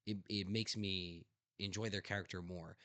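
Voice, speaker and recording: A young man hosting a casual podcast, recounting a story with real heat and swearing now and then. His voice sits fairly low and sounds close and dry, with no room around it. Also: fairly even intonation, normal speed, pushed and bright, no room sound. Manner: emphatic, passionate storyteller who swears freely. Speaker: podcast host. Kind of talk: casual chat.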